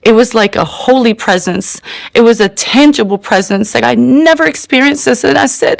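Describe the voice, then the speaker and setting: A woman shares a personal testimony in an earnest, heartfelt way. Her voice has a gravelly fry, and the recording is dry and close. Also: fairly high pitch, no echo. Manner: earnest, emotional, slow in places. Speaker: testimony speaker.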